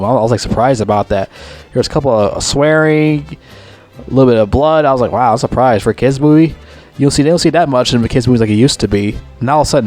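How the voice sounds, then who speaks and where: A man talks through a movie in a loose, rambling review, swearing constantly and circling back over the same points. His voice sits at a middling pitch but shoots up when excitement takes over. Faint music plays behind him. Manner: rambling, heavy swearing, repeats himself; gets loudly excited and higher when retelling scenes. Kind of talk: casual movie review vlog.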